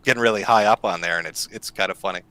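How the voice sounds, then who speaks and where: A man with a low-set but bright, forceful voice, chatting casually. He talks loosely, full of fillers, and often breaks into a laugh. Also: racing, clear, resonant tone, rough recording. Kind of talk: casual chat.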